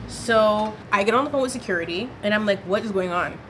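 A woman vlogger telling a personal story in a lively, dramatic storytime style, with casual slang. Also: medium pitch, fairly quick, background noise. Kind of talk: storytime vlog.

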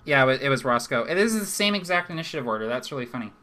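A man running a live online tabletop game as game master, laughing easily and explaining rules in a relaxed way. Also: mid-range voice, very fast, a little hiss or hum.

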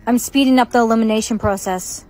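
A high female text-to-speech voice reading a cold, scheming young man. The delivery is flat and synthetic, in storytime style. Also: quick pace, close to an everyday voice.

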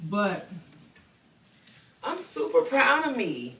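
A woman's voice: big pitch swings, slow pace, a bit bright, reverberant, far from the mic, a little hiss or hum. A young woman vlogging casually at home, chatting about her room and later cooing at her dog. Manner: chatty, talks baby talk to her dog in a high voice. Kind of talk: casual vlog chat.

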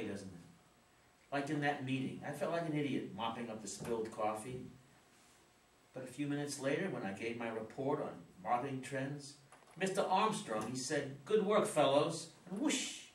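A man reading the part of a gentle middle-aged father in a reader's theater play, with a soothing, reassuring way of talking. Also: medium pitch, close to an everyday voice. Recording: echoey room, mic far off, some hiss.

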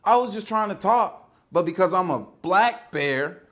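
A man's voice: high voice, animated, unhurried, fairly bright tone. A man playing a male black bear telling his side of the story in brash street slang, indignant and joking. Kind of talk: comedic interview sketch.

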